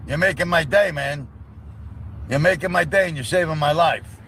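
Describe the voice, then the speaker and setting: A man's voice: a little high, moderate pace, creaky, a bit bright, slight background noise, rough recording. A man talking as a guest on a livestream in casual chat, rambling and repeating himself. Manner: rambling, repeats "you know what I mean".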